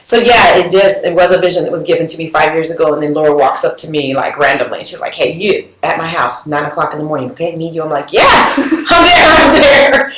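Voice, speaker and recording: A woman's voice: deep voice, steady tone, roomy sound, slight background noise, rough recording. A woman who co-founded a women's group, speaking in upbeat, affirming casual livestream talk. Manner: upbeat, affirming, quick to agree.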